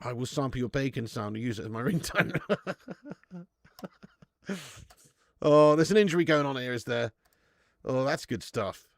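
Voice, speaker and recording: A man's voice: medium pitch, lively intonation, moderate pace, gravelly, long pauses, no room sound, clean studio sound. A man in his thirties hosting a live football watch-along, bantering with chat viewers and swearing casually. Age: 30s. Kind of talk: casual live-stream chat and match commentary.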